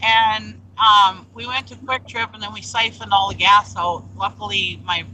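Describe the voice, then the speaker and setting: A woman hosting a casual livestream, telling a story in a lively, chatty way and acting out what people said. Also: mid-range voice, moderate pace, a little hiss or hum, poor audio. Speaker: online reseller hosting a livestream.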